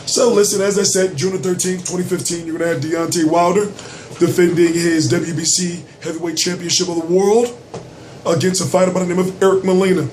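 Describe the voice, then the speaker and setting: A man's voice: on the high side, slight background noise, rough recording. A man hosting a boxing news vlog, who has lost his voice and strains to project it, talking in a loose, slangy, repetitive way. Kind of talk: casual commentary vlog.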